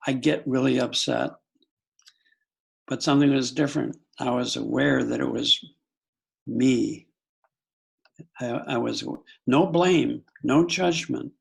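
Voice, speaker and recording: An older man from the United States, a psychologist and podcast guest, telling a personal story in a calm, earnest way with frequent self-corrections. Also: mid-range voice, slow pace, gravelly, long pauses, slightly rough, rough recording. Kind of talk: reflective storytelling in an interview.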